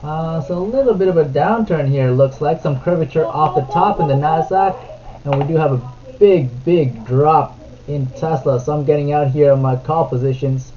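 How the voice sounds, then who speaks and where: A man streaming his trading from home. He switches between soft, sing-song baby talk with his toddler and brisk market commentary. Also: a little high, dull audio. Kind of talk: casual live-stream commentary.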